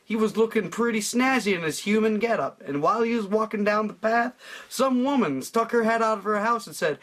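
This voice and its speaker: A man's voice: high-pitched, expressive, brisk, fairly bright tone. A young man retelling a myth as crude comedy, rambling and profane, laughing as he goes. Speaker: storyteller.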